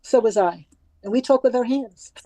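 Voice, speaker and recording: A woman's voice: a little high, normal speed, warm tone, no echo, rough recording. A woman guest from Queens, talking emphatically in long runs in a casual chat. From Queens, New York.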